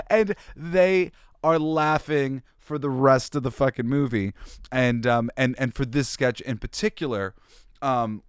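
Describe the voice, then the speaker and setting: A man hosting his own show, talking loosely and with big energy, laughing through his stories and swearing as he goes. His voice is mid-pitched, and it sits in a dry, close space with no room sound. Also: slow pace, clean tone, no echo. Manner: animated, laughs often, swears, loose restarts. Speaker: host. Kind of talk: casual storytelling monologue.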